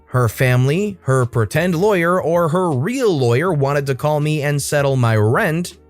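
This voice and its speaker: A man reads out online stories in a scripted narration, his voice fairly high and very animated, rising and falling across each line. Soft music plays faintly behind him. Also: no room sound. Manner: lively, expressive reading with asides to viewers.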